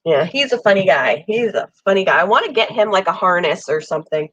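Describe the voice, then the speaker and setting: Animated and a little fast, a pet channel host speaks in a fairly low, slightly bright voice with a breathy edge. She has a summer cold, coughs occasionally, and rambles amiably with lots of ums during a casual live viewer chat in her air-conditioned room at home. The audio is dull, with no room sound.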